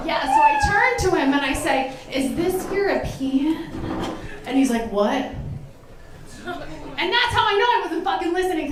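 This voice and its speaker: A woman's voice: very high voice, noisy background. A woman in her thirties telling a profane stand-up story in a drawling manner on a club stage. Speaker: open-mic comedian. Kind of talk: stand-up set. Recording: very echoey, distant from mic.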